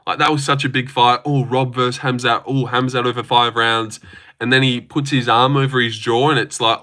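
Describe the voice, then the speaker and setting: A man's voice: mid-range voice, level tone, normal speed, pushed and bright. A man streaming live, answering chat in a blunt, opinionated, casual way and swearing often, while putting on a fake voice. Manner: says he is using a fake voice.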